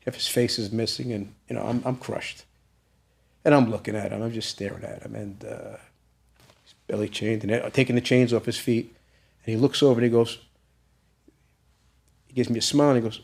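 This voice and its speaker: A man's voice: mid-range voice, fairly even intonation, fairly quick, gravelly, long pauses, a little mellow. A man as an interview guest, telling an emotional story and acting out the quoted dialogue with growing intensity. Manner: retells events with acted-out quoted dialogue, growing intense and emphatic.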